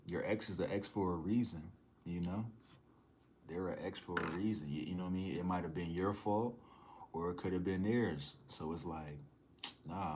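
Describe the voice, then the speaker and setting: A man's voice: low-pitched, darkish tone, slight background noise. A man livestreaming, casually chatting with viewers and reading their comments aloud in a laid-back, slangy way. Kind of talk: casual live-stream chat.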